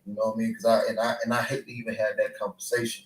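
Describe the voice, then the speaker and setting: A man's voice: mid-range voice, steady tone, rapid-fire, a little mellow. A man, a boxer in an interview clip, rambling and repeating filler phrases. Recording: echoey clip from far off.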